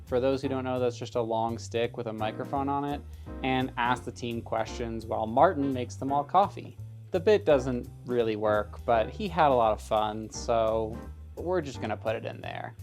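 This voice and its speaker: A producer introducing a segment in a wry, offhand way. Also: male voice, mid-range voice, moderate pace, a little mellow, soft background music.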